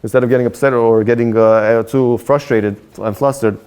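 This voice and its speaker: Rabbi telling a moral story. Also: male voice, medium pitch, a little fast, clean tone. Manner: animated storyteller, repeats himself when excited. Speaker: rabbi teaching a Torah class. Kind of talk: storytelling sermon with a moral lesson.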